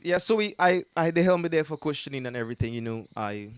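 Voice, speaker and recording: A man's voice: on the high side, animated, fast talker, clean tone, dry recording. Laughing Jamaican man telling a story. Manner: rambling, laughs often, many fillers. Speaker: artist telling his story as a guest. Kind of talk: casual interview storytelling.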